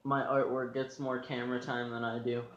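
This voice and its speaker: A man making quiet, offhand remarks off to the side of a livestream. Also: medium pitch, flat delivery, normal speed. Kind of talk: casual aside during livestream. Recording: echoey room, dull audio, background noise.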